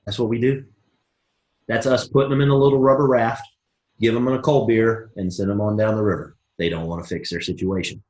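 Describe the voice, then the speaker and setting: Energetic folksy man coaching a team. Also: on the low side, brisk, reverberant. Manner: energetic, folksy, acts out both sides of dialogues. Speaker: network marketing team leader. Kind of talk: live motivational coaching call.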